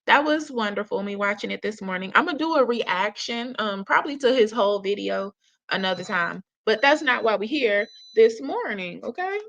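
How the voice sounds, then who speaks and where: A woman's voice: fairly high pitch, creaky, a bit bright. Chatty woman, reaction host, lo-fi sound. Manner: chatty, slangy, laughs often, addresses viewers as y'all. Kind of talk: casual reaction commentary. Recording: dull lo-fi audio.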